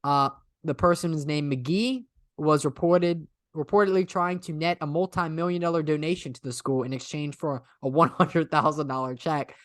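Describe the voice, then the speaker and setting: A man co-hosting a podcast in casual chat. He is animated, laughs often and lets his sentences trail off. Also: fairly high pitch, normal speed, dry recording, studio quality. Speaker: podcast co-host.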